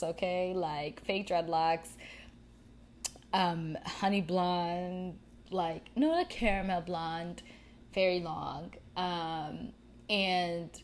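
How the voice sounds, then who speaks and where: A young woman, hosting a podcast and telling a story in a casual, rambling, animated way. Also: on the low side. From United States. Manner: rambling, animated, filler-heavy. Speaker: podcast host.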